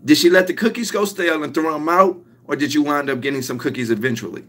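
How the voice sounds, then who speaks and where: Man, young adult, motivational talk, emphatic, repeats himself, voice sits a bit high. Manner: emphatic, repetitive, drawn-out punch lines. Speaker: motivational speaker.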